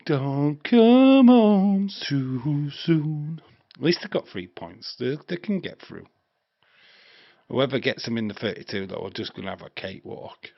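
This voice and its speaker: A man's voice: fairly low pitch, very animated, normal speed, vocal fry, slightly rough, no echo. A man, hosting a live stream with crude jokes, rambling chat and frequent laughter. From England. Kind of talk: casual live watch-along chat. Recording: dry, slightly dull stream mic.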